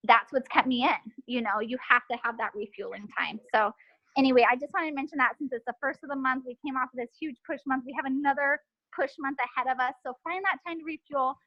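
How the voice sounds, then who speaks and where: In a muffled recording, a high-voiced woman in her thirties talks quickly with fairly even intonation. She's a mother of four and a team leader, chatting upbeat and casual with her team on a group call, using lots of fillers.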